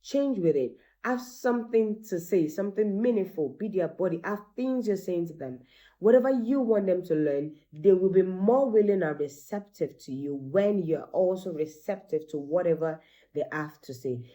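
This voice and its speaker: A middle-aged woman, a teacher and mother, giving animated parenting advice and acting out bits of dialogue. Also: on the low side, normal speed. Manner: animated, acts out quoted dialogue.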